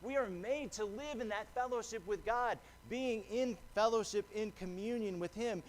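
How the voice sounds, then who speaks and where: A man's voice: high voice, normal speed, slight background noise. A man preaching a sermon as pastor, earnest and conversational, often restarting a phrase. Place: church sanctuary.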